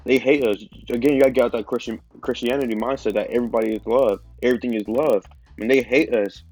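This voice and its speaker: A man's voice: medium pitch, fairly even intonation, quick pace, a little mellow, breathy edge, dry recording, soft background music. A man with a stuffy nose giving an informal religious teaching, talking casually with lots of fillers. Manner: casual, conversational preaching with many fillers. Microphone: phone.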